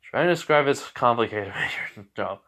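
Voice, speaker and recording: A man's voice: animated, a bit bright. Rambling young man telling a fan story. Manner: rambling, full of fillers and restarts, quick pitch jumps for dialogue. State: drowsy, just woke from a nap. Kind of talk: casual improvised fan story narration.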